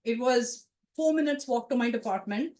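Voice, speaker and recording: A woman around forty telling a personal story to a live audience, conversational and animated, with asides to the listeners. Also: a little high, normal speed, reverberant. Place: event room with a live audience.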